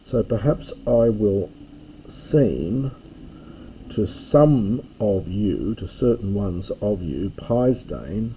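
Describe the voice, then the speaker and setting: An older man teaching a classics lesson, reading an ancient text line by line and explaining each word slowly and carefully. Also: fairly low pitch, lively intonation, mellow, a little hiss or hum, low-quality recording.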